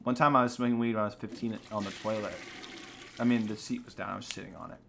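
A young man cohosting a podcast in casual, crude, deadpan banter. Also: on the low side, quick pace, gravelly, a little hiss or hum. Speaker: podcast co-host.

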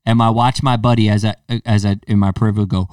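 A man's voice: lowish voice, fast, clear, resonant tone, no room sound, clean studio sound, far from the mic. A man hosting a podcast, chatting casually and acting out voices as he tells stories. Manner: animated storyteller, acts out quoted voices. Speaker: podcast host. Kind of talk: casual chat.

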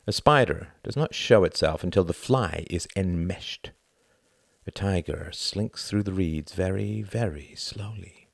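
Male audiobook narrator, very deep voice, gravelly, steady measured reading. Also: no room sound, studio quality. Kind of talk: scripted narration.

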